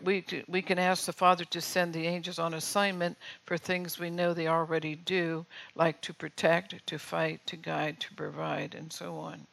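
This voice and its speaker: A woman's voice: low-pitched, creaky, a bit bright, poor audio. An older woman preaching a sermon in a conversational way, often checking in with her listeners.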